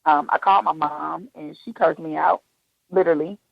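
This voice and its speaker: A woman's voice: low-pitched, moderate pace, gravelly, no room sound, dull audio. A woman guest in a radio interview, telling a personal story candidly and acting out the voices of the people in it. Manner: candid, animated, acts out quoted voices.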